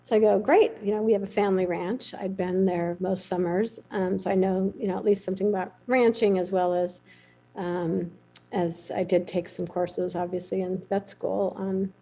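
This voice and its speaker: A middle-aged woman, a veterinarian, telling a lively anecdote in a podcast interview. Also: mid-range voice, moderate pace, rough recording. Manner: lively anecdotal storytelling, acts out quoted voices. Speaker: veterinarian guest.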